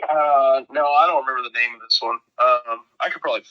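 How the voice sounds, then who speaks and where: A man's voice: medium pitch, quick pace. A man telling a rambling, profane road story as a guest in a casual podcast chat. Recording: dull lo-fi sound.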